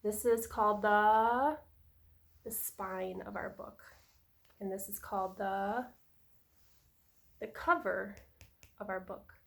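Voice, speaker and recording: A woman who is a preschool teacher, reading a picture book aloud to young children in a slow, sing-song storytelling voice. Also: mid-range voice, fairly even intonation, vocal fry.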